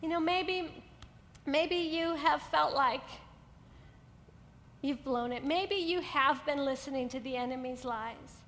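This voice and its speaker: High-voiced woman preaching in a hall. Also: takes it slowly, a bit bright, a little hiss or hum. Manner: earnest, building to emphatic repetition. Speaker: pastor. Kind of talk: sermon to a women's gathering.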